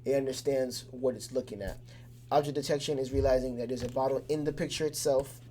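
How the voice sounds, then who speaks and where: A man's voice: medium pitch, fairly even intonation, fairly quick, warm tone, slight background noise. A man giving a casual, conversational lesson that breaks the topic down with everyday examples. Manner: loose and conversational, with many fillers and restarts; keeps things simple with everyday examples. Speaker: teacher.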